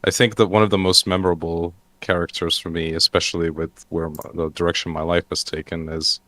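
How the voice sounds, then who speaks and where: A man with a very low voice and a bright, forceful edge to it. He talks haltingly and keeps restarting his sentences, padding them with fillers. The sound is dry and close. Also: flat delivery, no room sound. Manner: hesitant, lots of fillers and restarts. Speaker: roundtable panelist. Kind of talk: casual online chat.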